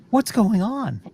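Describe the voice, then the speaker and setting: A man's voice: high-pitched, creaky, dark tone, slightly rough. A man hosting a podcast, ranting in a profane, exasperated way during casual chat. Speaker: podcast host.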